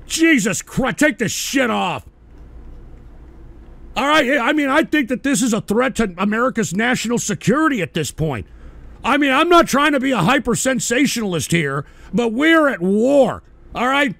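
A man hosting a call-in stream, ranting angrily and profanely, shouting in bursts. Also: very high voice, very animated, moderate pace, vocal fry, no room sound. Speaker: radio show host.

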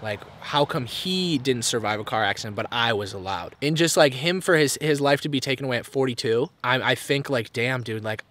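A man's voice: medium pitch, brisk, few pauses, a bit bright. A man in his twenties, vlogging outdoors in a park and talking candidly and profanely in a casual reflective monologue. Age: 20s.

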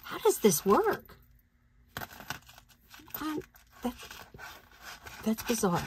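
A woman's voice: fairly high pitch, big pitch swings, extremely slow, pauses often, background noise. A woman reselling jewelry, chatting casually as she unboxes it, thinking aloud and laughing easily. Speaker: reseller vlogger.

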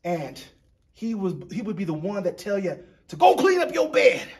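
A man's voice: sits high, big pitch swings, normal speed. A man hosting a painting demonstration, talking in a playful, chatty, joking way as he walks viewers through each step. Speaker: painting show host.

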